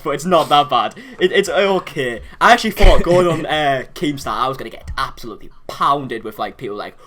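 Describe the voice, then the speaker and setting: A man's voice: a little high, animated, normal speed, hardly any pauses, fairly bright tone. A young man hosting a casual podcast chat, rambling and swearing freely. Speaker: podcast host.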